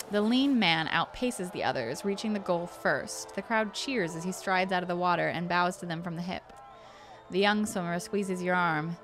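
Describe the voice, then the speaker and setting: A woman's voice: fairly low pitch, a bit bright. Gaming streamer: woman narrating game text, chatty asides, game music under. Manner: chatty, reacting between narrated passages. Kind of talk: let's-play, reading game text aloud.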